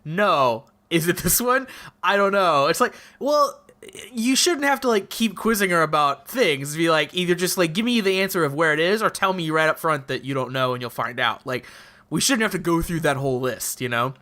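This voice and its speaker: A man's voice: on the high side, expressive, a little fast, pushed and bright. A young man co-hosting a casual podcast who laughs often and riffs with jokey hypotheticals. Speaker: podcast co-host.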